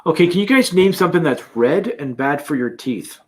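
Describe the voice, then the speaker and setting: A man's voice: a little high, animated, a little fast, a little mellow. A Canadian man hosting a casual live-stream chat from his campervan, reading out viewer comments and laughing often. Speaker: livestream host.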